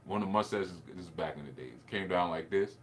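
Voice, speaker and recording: Low-voiced man telling a rambling story. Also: lively intonation, fast, a little hiss or hum. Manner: rambling, frequent laughs and restarts. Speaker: spiritual teacher. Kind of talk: casual reflective storytelling.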